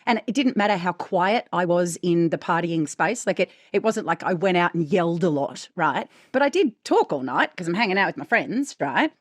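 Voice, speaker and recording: An Australian woman co-hosting a podcast in casual, candid chat, with a naturally deep, slightly husky voice. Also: moderate pace, few pauses, no echo, studio quality. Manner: candid and animated, swears casually. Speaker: podcast co-host.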